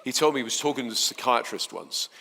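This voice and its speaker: A man giving a chatty, playful seminar talk to a live audience, swinging between soft and loud. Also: mid-range voice, quick pace, gravelly, big-room sound. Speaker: motivational speaker.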